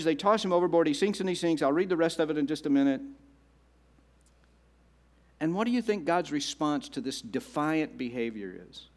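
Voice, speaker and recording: A male pastor delivering a sermon, repeating phrases and slowing down for emphasis. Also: fairly high pitch, lively intonation. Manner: repetitive and dramatic, slowing down for emphasis.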